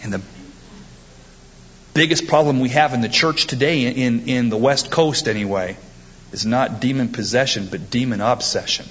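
A man preaching with a husky, slightly breathy voice, pressing his points home emphatically and lifting his voice as he quotes scripture. The sound is dull and lo-fi, like an old church tape. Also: mid-range voice, normal speed. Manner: emphatic preaching, quoting scripture with rising force. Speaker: pastor. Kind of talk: sermon.

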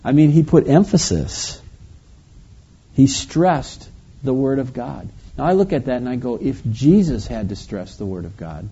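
A man preaching, reading scripture aloud slowly and then explaining it in a conversational way. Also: medium pitch, lively intonation, mellow, breathy edge. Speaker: pastor. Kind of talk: verse-by-verse Bible teaching. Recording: dull lo-fi recording.

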